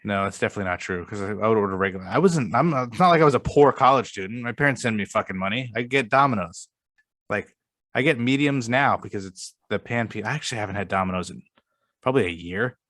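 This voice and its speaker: Blunt, low-voiced young man arguing. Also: lively intonation, fast, fairly bright tone. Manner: blunt, argumentative, swears often. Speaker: podcast co-host. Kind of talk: casual chat.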